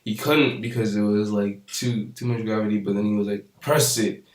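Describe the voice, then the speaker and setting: A man's voice: lowish voice, little pitch movement, a little fast, reverberant. A young man casually recapping and reviewing an anime episode, rambling with lots of fillers and laughs.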